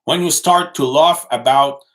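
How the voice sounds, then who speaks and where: A man who is not a native English speaker, answering his livestream chat in a casual, halting way with many restarts and fillers. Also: fairly high pitch.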